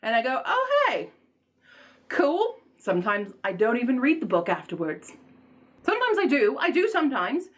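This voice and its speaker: A woman book vlogger chatting casually in a put-on snobbish accent, playful and self-mocking, her pitch swooping up and down. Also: very animated, fairly quick. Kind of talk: casual chat.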